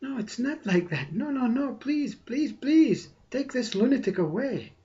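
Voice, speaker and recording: A man's voice: very animated, unhurried, dark tone, dull audio, full character voice. A man voicing the ego mind as a fretful figure that protests and pleads. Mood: exasperated. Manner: protesting, pleading, higher than his own voice.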